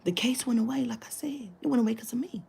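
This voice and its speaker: A woman's voice: fairly high pitch, fairly even intonation, fast talker, creaky, a little mellow, husky. A woman telling a long story in casual talk, acting out the quoted dialogue, swearing freely and dropping into whispers. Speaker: spiritual reader telling a client story.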